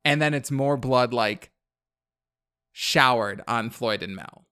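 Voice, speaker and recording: A man hosts a podcast in a loose, chatty way. He rambles through a story, filling gaps with "like" and chuckling as he goes. His voice sits at an ordinary middle pitch. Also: slow pace, bright, forceful tone, smooth. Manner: rambling, heavy use of "like", laughs at his own recap. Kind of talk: casual chat recapping a movie.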